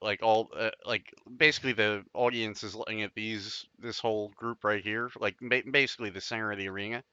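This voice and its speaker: A man playing a tabletop game, rambling and full of fillers. His voice is very bright and sharp, dry and close, on a dull lo-fi line. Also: fairly low pitch, steady tone, a little fast, clean tone, no room sound. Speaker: player. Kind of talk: tabletop role-play.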